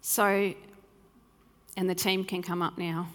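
A woman's voice: lowish voice, level tone, takes it slowly. A woman in her thirties giving an earnest, heartfelt sermon as a pastor, sometimes acting out remembered conversations. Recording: reverberant hall with soft music.

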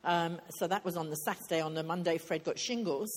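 Husky-voiced woman preaching earnestly. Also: fairly low pitch, a little fast. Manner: earnest, conversational preaching with emphatic repetition. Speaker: speaker at a women's retreat. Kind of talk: sermon.

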